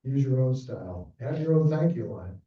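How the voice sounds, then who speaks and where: A man's voice: medium pitch, lively intonation, moderate pace. A middle-aged man giving a workshop talk to fundraisers, telling stories and acting out quoted dialogue, in a conference room. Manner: storytelling, acts out quoted dialogue. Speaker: planned giving director presenting a workshop. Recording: distant, echoey, dull room recording.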